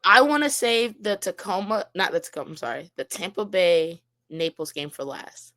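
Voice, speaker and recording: A woman co-hosting a casual sports podcast, ranting in an animated, exasperated way and swearing freely. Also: lowish voice, moderate pace, no room sound. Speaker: podcast co-host.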